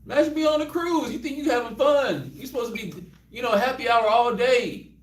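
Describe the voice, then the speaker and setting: A man with a Texan accent teaching a Bible class in an animated, joking way, acting out scenes as he goes. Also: extremely high pitch, brisk. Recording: roomy, distant mic.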